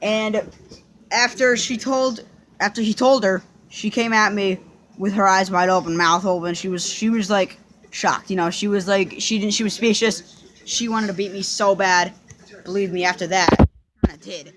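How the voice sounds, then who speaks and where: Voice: medium pitch, steady tone, moderate pace, fairly bright tone, slight background noise. A young person casually telling a personal story to the camera, rambling through restarts and fillers and swearing now and then.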